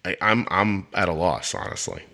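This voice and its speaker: A man's voice: sits low, big pitch swings, moderate pace, creaky, bright, forceful tone. A middle-aged man hosting a podcast interview, emotional and self-deprecating, joking with his guest. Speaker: podcast host. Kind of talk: casual interview chat.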